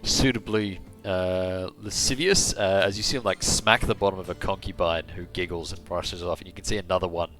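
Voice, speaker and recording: Brief: a deep-voiced male game master narrating a fantasy scene with halting, filler-heavy delivery. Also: fairly even intonation, fairly bright tone, faint music behind.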